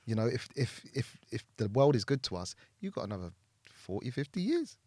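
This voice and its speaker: A man hosting a podcast in an animated, jokey way, swearing and laughing easily. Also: medium pitch, fairly quick, no room sound, studio quality. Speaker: podcast host. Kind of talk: casual chat.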